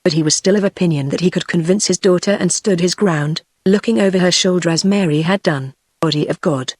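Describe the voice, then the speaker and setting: A woman's voice: on the low side, a little fast, dry recording. Synthetic British woman narrating a novel. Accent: British English. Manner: even, steady synthetic delivery. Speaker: audiobook narrator. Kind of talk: text-to-speech book reading. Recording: dry synthetic voice.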